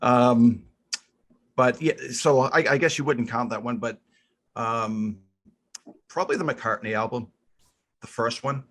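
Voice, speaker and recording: A man's voice: mid-range voice, measured pace, long pauses, fairly bright tone. A middle-aged man with a Boston accent, chatting on a podcast and thinking aloud with lots of ums. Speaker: podcast co-host. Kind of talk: casual chat about music.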